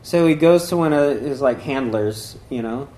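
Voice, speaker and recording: A man's voice: mid-range voice, moderate pace, dark tone. A man giving a casual spiritual talk who rambles with lots of fillers and restarts, and acts out voices in his stories. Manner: acts out voices while telling a story. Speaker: dharma talk speaker.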